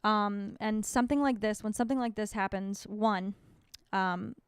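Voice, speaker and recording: A young woman co-hosting a casual podcast, talking openly and loosely with plenty of swearing. Her voice is smooth and clear, and it sits close and dry on the mic with no room around it. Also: medium pitch, moderate pace, no room sound. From North Dakota. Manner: candid, swears freely, rambling. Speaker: podcast co-host.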